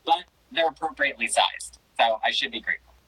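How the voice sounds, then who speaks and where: A woman's voice: a bass voice, huge pitch swings, a little fast, gravelly, pushed and bright, slight background noise, poor audio. A woman hosting a casual interview, emotional and jokey, with theatrical outbursts. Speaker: podcast host.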